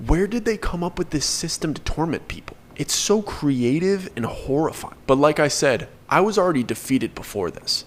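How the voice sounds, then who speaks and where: A man's voice: medium pitch, a little hiss or hum. A young man narrating a first-person story in a casual, earnest way, reliving tense events as he goes.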